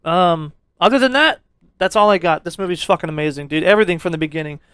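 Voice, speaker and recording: Man, high voice, dry close sound, casual movie podcast chat, swears a lot, laughs often. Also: fast, fairly bright tone, clear, resonant tone, no room sound. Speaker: podcast co-host.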